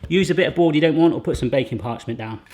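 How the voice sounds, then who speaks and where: Bloke chatting through a recipe, jokey, slightly high voice, bit of hiss behind. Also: male voice, fast talker. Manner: chatty, jokey, rambling asides. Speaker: cooking channel host. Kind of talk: casual cooking demonstration.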